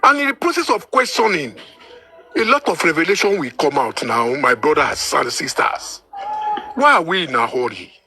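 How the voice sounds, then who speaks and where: A man's voice: high voice, bright, forceful tone, husky. A Nigerian man with a Yoruba accent, supervising a heated live audio chat, emphatic and repeating himself. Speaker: supervisor of an online discussion.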